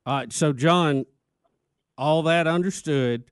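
A man's voice: a little high, slow pace, clean tone, no room sound, studio quality. A man with a Southern Alabama accent co-hosting a talk radio show, joking with the panel and pressing callers with questions. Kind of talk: sports talk radio banter.

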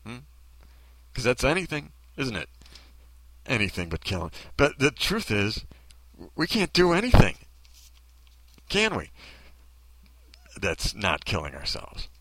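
A man rants in a bitter monologue, throwing out sarcastic rhetorical questions. His voice swings widely in pitch and has a bright, forceful edge. The sound is dry and close, with no room around it. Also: huge pitch swings, unhurried, pauses often, dry recording. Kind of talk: ranting monologue.

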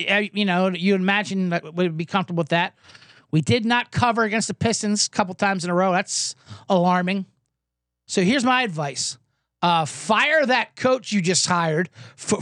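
A man's voice: sits high, a bit bright, no room sound, studio quality. A man putting on the voice of a middle-aged basketball coach, talking in a self-serving, rambling way. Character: smug middle-aged male basketball coach angling for a job.

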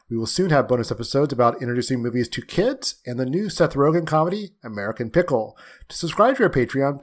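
A man hosting a film podcast over a video call, reading scripted intros with a wry, lively delivery. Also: fairly high pitch. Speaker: podcast host.

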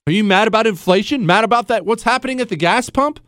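A man's voice: sits high, fast, fairly bright tone, no echo, clean studio sound. A man hosting a political talk show, speaking emphatically in a sarcastic tone and firing off rhetorical questions.

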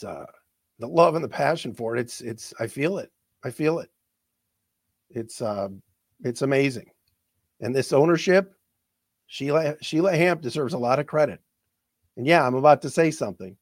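A man hosting a sports talk show, his voice a little high for a man, stumbling and repeating words as emotion catches his throat. He sounds close and dry, with no room around him. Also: no room sound. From not from the area of the team he covers.

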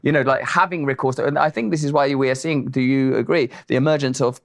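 A man in his forties with an Essex English accent, a talk show guest who speaks rapidly and floridly in casual conversation. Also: medium pitch, gravelly. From England (Essex). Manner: rapid, florid, animated, jumps into mimicking voices.

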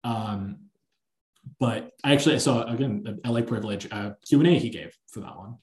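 Male podcast host, mid-range voice, animated storyteller, roomy echoey sound. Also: mid-range voice, brisk. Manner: animated, long-winded anecdote telling. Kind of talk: casual film-discussion chat. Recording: echoey room.

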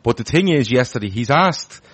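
A man's voice: mid-range voice, animated, normal speed, husky. A man hosting a casual football podcast, chatty and full of restarts as he reads out viewer comments. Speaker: podcast host.

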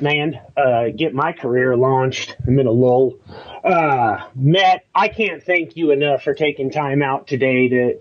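A man co-hosting a sports podcast, with an upbeat and friendly manner. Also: mid-range voice. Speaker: podcast co-host. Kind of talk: podcast interview. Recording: dull lo-fi audio.

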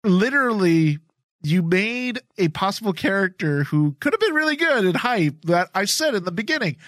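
Male podcast co-host, high lively voice, excitable, dry mic. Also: no room sound. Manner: excitable, animated, quick to agree and laugh along. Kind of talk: casual podcast discussion.

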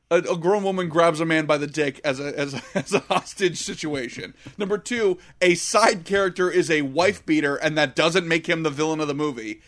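A man's voice: on the high side, a bit bright. A young adult man co-hosting a casual movie podcast, joking, swearing and acting out scenes. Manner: profane, jokey, acts out characters. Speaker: podcast co-host. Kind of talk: casual movie review chat.

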